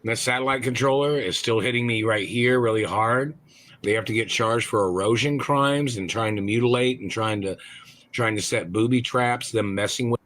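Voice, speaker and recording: A man calling into a livestream, ranting angrily with constant cursing and shouted accusations. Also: mid-range voice, normal speed, no room sound. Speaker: caller on a livestream. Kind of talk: angry profane rant.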